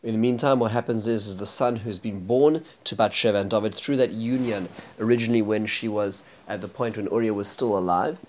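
A man's voice: lowish voice, steady tone, fairly quick, few pauses, a little mellow. A man teaching a Bible chapter, retelling the story earnestly and explaining it.

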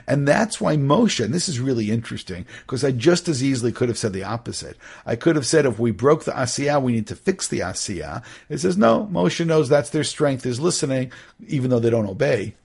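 A middle-aged man with a husky, gravelly voice teaches a Torah study class. He talks in a lively way, acting out short exchanges and often restarting his sentences. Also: mid-range voice, brisk. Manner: animated, acts out little dialogues, many restarts.

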